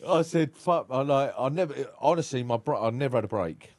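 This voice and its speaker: A man's voice: mid-range voice, lively intonation, fairly quick, a little mellow, dry recording. A man, a podcast guest recounting his life frankly and with feeling, swearing freely. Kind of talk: candid personal storytelling.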